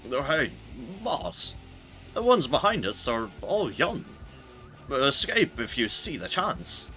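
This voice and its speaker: Goofy slow frog creature, low silly voice, bright tone, as a gamer puts it on. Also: male voice, very animated, soft background music, full character voice. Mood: sheepish.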